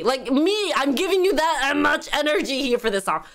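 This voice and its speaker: Lively, energetic woman reaction host. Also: high voice, a little fast. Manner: energetic and giggly, many fillers. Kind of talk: casual reaction chat.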